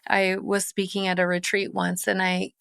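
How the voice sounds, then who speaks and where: A woman hosting a podcast interview, telling a story in a warm conversational way. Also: medium pitch, completely flat delivery, moderate pace, gravelly, clear, resonant tone, no room sound, studio quality. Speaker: podcast host.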